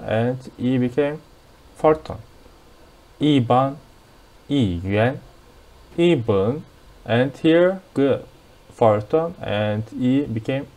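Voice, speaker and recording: A man's voice: mid-range voice, dark tone. A young man with a Turkish accent teaching a language lesson, explaining patiently and repeating words as drills.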